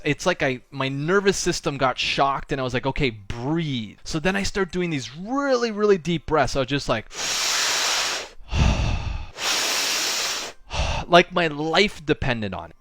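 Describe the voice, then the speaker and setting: A man's voice: fairly high pitch, no room sound. A man telling a personal story in a casual monologue, acting out the other people's lines and using lots of "like" and "right?". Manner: animated storyteller acting out dialogue; frequent fillers like "like" and "right?". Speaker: spiritual coach and channel host.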